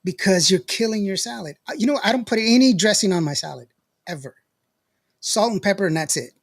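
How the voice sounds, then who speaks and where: High husky guy hosting a podcast, rambles, laughs a lot, reads comments. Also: a little fast, no echo. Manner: rambling, laughs often, animated storytelling. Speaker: podcast host. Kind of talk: casual chat, reading out live comments.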